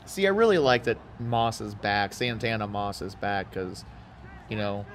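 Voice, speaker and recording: A man from Houston giving casual, rambling commentary as he plays a football video game, with excited outbursts and side chatter. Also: lowish voice, unhurried. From Houston, Texas. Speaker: gaming YouTuber.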